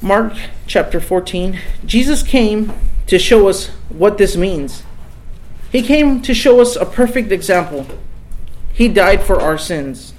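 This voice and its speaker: A man's voice: sits high, animated, a little slow, a little hiss or hum, low-quality recording. A man preaching a sermon in an earnest, emphatic way, repeating key phrases for weight.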